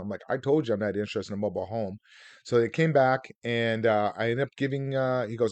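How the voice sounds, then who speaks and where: Talking fast in a voice on the low side, a man teaches seller financing on a video call in a casual webinar style. The recording is dry, and his stories ramble along with plenty of fillers.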